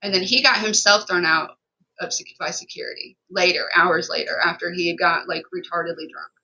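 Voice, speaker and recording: A woman recounts a story on a casual podcast, her voice bright and forceful. She talks emphatically, swearing freely and piling clauses together. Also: fairly low pitch, fairly even intonation, vocal fry, low-quality recording. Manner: emphatic and profane, rapid run-on storytelling. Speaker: podcast co-host.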